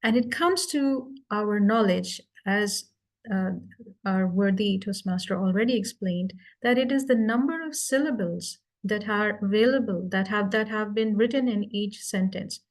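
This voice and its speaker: A woman leading a speaking club meeting, explaining poetic structure step by step in a measured way over a video call. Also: medium pitch. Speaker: Toastmasters meeting leader. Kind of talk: explanatory club talk on poetry.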